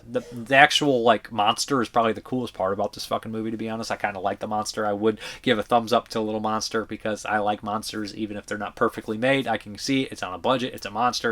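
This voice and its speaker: A man's voice: fairly low pitch, a bit bright. A man giving blunt, profane, rambling movie reviews in a casual vlog, full of fillers and restarts. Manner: blunt opinionated talk.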